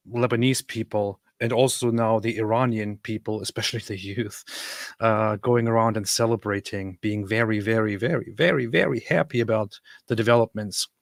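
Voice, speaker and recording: A man's voice: on the low side, dry recording. Sarcastic man hosting a reaction stream. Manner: sarcastic, mocking, laughs through remarks. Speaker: commentary stream host. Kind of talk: casual reaction commentary.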